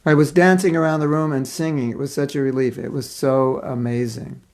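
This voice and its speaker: Gravelly, earnest male spiritual teacher. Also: mid-range voice. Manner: earnest, expressive storytelling with pauses. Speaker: spiritual teacher giving a class. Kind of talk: devotional class, reading aloud and commenting on a story.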